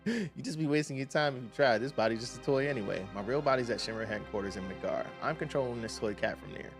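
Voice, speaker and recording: A man reading a sly toy-cat spy with a gravelly voice. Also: medium pitch, quick pace, music in the background, close to an everyday voice. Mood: breezy. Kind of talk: reading game dialogue aloud.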